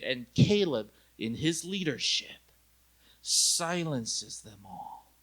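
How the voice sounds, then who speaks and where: A young male pastor with a high, ringing voice delivers an animated retreat sermon. He swings from quiet, conversational asides to loud, acted-out quotes and keeps asking his listeners questions. The tone is bright and forward. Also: a little slow. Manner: conversational, asks the audience direct questions. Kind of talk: lively youth retreat sermon.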